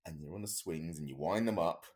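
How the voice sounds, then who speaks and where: A man's voice: low voice, fairly quick, a little mellow. A man, a podcast co-host, telling a story in a rambling, casual way with many fillers and restarts.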